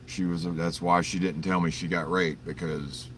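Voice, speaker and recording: Deep-voiced man rambling on a livestream. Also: fairly even intonation, normal speed, a bit bright, far from the mic, a little hiss or hum. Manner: rambling, profane storytelling with frequent chuckles; greets viewers in chat by name. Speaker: livestream host. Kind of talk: casual early-morning livestream chat.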